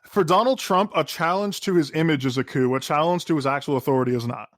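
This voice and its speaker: Male podcast co-host, slightly high voice, dead-dry studio sound, casual profane ramble. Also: fast talker, fairly bright tone, no echo. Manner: rambling, profane, lots of fillers. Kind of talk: casual political chat.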